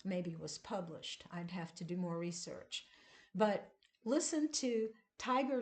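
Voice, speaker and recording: A woman teaches poetry in a casual video lesson, taking her time over each phrase. Her pace is slow and deliberate, and she leans into the beat of each line as she explains it. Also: mid-range voice, lively intonation, a little mellow. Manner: slow, deliberate, emphasizing rhythm. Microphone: camera at desk, seen gesturing.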